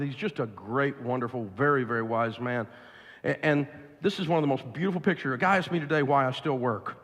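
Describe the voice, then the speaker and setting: A man with a Southern US accent giving a blunt, emphatic, preachy money seminar to a live audience. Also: medium pitch. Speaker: financial speaker. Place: large live event venue. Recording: long hall reverb from a large venue.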